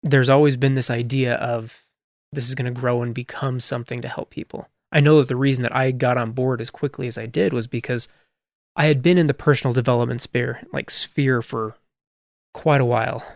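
A man's voice: mid-range voice, steady tone, brisk, gravelly, dry recording, studio quality. A man speaking as a podcast guest, reflecting on his background. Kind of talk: casual interview talk.

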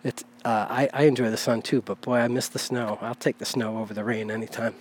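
A man's voice: medium pitch, fairly even intonation, a little fast, darkish tone, slight background noise. A man hosting a podcast, talking in a loose, rambling way with many fillers and self-corrections while he walks outdoors. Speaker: podcast host. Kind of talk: casual spoken monologue. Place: outdoors, on a walk down a village street. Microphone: handheld recorder.

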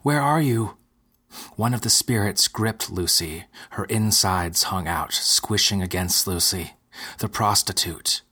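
A man narrating a dark fantasy story in a steady, measured way, with a husky voice. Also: low voice. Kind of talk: scripted narration.

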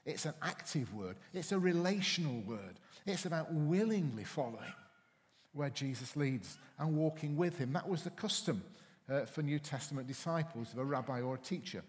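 A man's voice: a little high, expressive, moderate pace. A man preaching a sermon as pastor, telling anecdotes and acting out voices. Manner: storytelling, acts out voices in anecdotes. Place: church hall. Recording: reverberant church hall.

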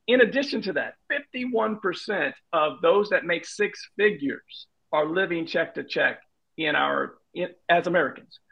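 A man's voice: on the high side, vocal fry, lo-fi sound. A man on a real estate panel, speaking in an emphatic and teasing way. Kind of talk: panel debate.

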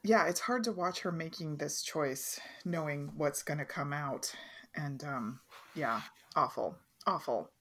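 A woman's voice: low voice, a little slow, a bit bright. A woman co-hosting a podcast, chatting casually and chiming in with short, agreeable replies. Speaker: podcast co-host. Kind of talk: casual chat.

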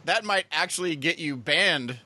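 A male podcast host with a bright, forceful voice sitting a little high for a man. He chats casually and keeps breaking into laughter as he ribs his guests. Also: animated, moderate pace, dry recording. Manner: laughs often while teasing. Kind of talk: casual chat.

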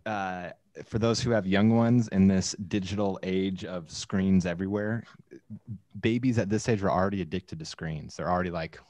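A man's voice: sits low, normal speed, darkish tone, no room sound. A man chatting casually on a live podcast, easygoing and chatty. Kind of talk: casual live-stream chat.

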